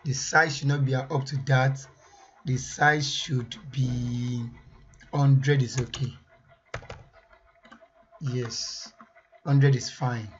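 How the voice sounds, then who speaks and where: A man presenting a software tutorial, thinking aloud as he weighs each option and often repeats himself. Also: medium pitch, fairly even intonation, very slow, pauses often, muffled recording. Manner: muses aloud over choices, repeats himself.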